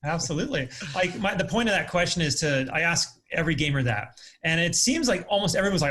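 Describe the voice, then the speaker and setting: A man hosting a gaming podcast interview, talking in a quick, upbeat way. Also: on the high side, expressive, a bit bright. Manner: upbeat and quick, says he talks fast. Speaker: podcast host. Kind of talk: casual interview.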